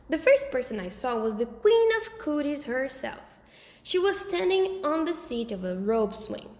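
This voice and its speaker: A woman reading a children's story aloud in a lively, expressive way. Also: high voice. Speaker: audiobook reader. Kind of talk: storybook narration. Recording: roomy with long reverb.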